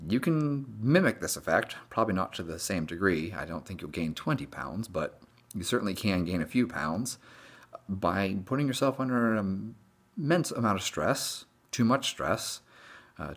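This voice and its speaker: A man, a fitness coach, explaining a topic in a blunt, profane, animated casual monologue. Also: lowish voice, moderate pace.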